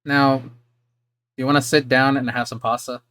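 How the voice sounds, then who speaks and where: A woman in a casual role-play chat, calm and matter-of-fact with a gently teasing manner. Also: a bass voice, moderate pace. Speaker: player and co-host.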